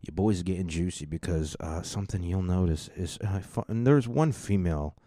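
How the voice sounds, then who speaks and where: A man with a deep, dark voice chats casually on his solo podcast, wandering between topics, swearing freely and cracking jokes at his own expense. The recording is dry and close. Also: moderate pace, no echo. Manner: rambling, profane, joking. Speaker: podcast host.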